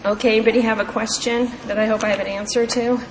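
A woman's voice: fairly high pitch, steady tone, fast talker. A woman candidly sharing her personal recovery story at a meeting, in a heartfelt storytelling manner. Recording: echoey hall with faint background noise.

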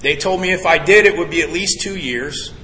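A man with a fairly high, brisk, bright voice shares his recovery story at a twelve-step meeting, earnestly and emphatically, often calling the crowd "guys." The echoey hall carries background ambience plus a little hiss or hum.

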